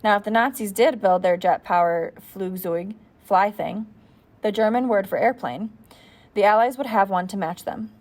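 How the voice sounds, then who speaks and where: Give this some thought: a woman of middle pitch reads a novel aloud for an audiobook. Her delivery is plain and unfussy, with the occasional stumble that she simply corrects and reads on. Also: moderate pace, darkish tone. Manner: plain reading with small slips and restarts. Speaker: audiobook reader. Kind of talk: read-aloud narration of a novel.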